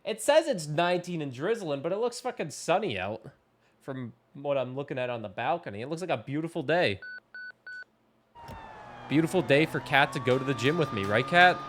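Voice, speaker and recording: A man's voice: a little high, expressive, moderate pace, fairly bright tone. Young canadian guy streaming a game, jokey and swearing, music blasting behind. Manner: chatty, joking, swearing. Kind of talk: casual gameplay commentary. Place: home, indoors.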